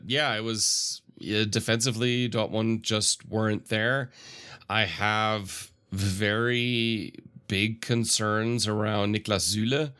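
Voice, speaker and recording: A man breaks down a football match on a podcast in a thoughtful, analytical way, pausing on fillers as he goes. His voice is fairly low and smooth. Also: bright, forceful tone. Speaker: podcast co-host. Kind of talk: casual football analysis chat.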